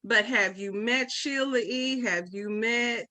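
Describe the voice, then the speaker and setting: A woman's voice: on the high side, takes it slowly, bright, forceful tone. A woman hosting a casual podcast interview, asking questions and teasing her guests in a playful way. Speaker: podcast host.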